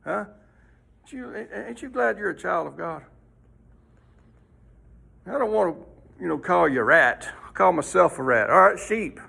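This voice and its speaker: A man's voice: high voice, expressive, measured pace, gravelly, pauses often, pushed and bright, breathy edge. A man teaching a folksy Sunday school lesson, rambling and throwing in rhetorical questions.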